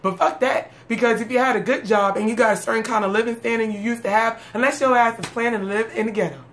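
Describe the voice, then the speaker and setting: A woman's voice: a little high, steady tone, fast talker. A woman delivering a sarcastic, streetwise comedic rant, laughing at her own jokes. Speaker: comedic monologue host.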